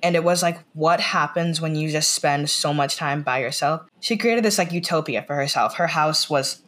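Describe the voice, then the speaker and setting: An American woman with a low, slightly bright voice talks at a normal pace as a guest on a casual podcast. She rambles, restarts her sentences, and leans on "like" a lot, retelling scenes by quoting what people said.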